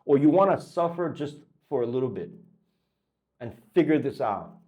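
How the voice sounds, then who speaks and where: A man's voice: mid-range voice, animated, moderate pace, phone-quality sound. A man coaching traders in a blunt motivational talk. He swears freely and keeps pushing the listener with repeated questions. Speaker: trading coach.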